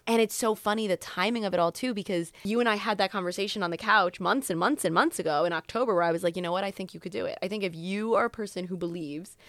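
A woman's voice: medium pitch, fast, hardly any pauses, a bit bright, dry recording, clean studio sound. A young woman co-hosting a podcast, chatting casually and emphatically, often restarting her sentences. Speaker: podcast co-host. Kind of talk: casual chat.

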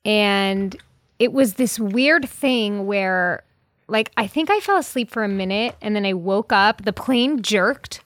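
A woman talking in relaxed casual chat, reacting to a friend and sharing her own story. Her pitch is average for a woman. The sound is dry and close to the mic. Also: unhurried, dry recording.

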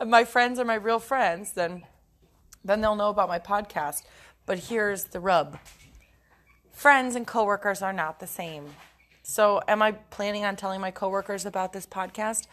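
A woman's voice: mid-range voice, measured pace, a bit bright. A young adult woman hosting a casual solo podcast, talking frankly and profanely and often breaking into giggles. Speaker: podcast host.

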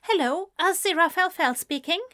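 A woman's voice: lively intonation, slow, bright, forceful tone, dry recording, clean studio sound, heavily acted. A woman voicing a prim, flustered man at his office desk, caught off guard. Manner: high, flustered and breathless.

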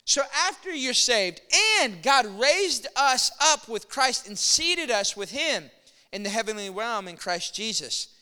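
A man preaching a sermon as pastor, energetic and storytelling, acting out quotes. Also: extremely high pitch, clean tone, big-room sound.

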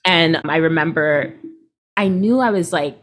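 A woman in her thirties, a healer, chatting casually and acting out quoted people with lively swings in her voice. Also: a little slow. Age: 30s. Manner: expressive, acts out quoted people with big pitch jumps. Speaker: guest, healer. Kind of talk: casual podcast conversation.

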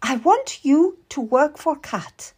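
Haughty old lady of rank, woman putting it on, high bossy voice, slow and swooping, audiobook. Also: sing-song. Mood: imperious. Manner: commanding, haughty. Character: imperious old ailing noblewoman.

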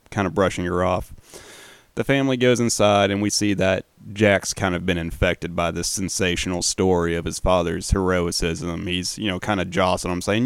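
Deep gravelly man recapping a film. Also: moderate pace, no echo. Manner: relaxed, swears casually, uses fillers. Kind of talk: casual film commentary.

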